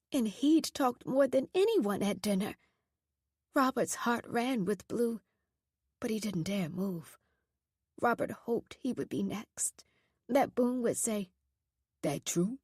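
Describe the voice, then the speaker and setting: A woman narrating a horror audiobook in a measured, steady storytelling voice. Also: a little high, breathy edge, no echo, clean studio sound.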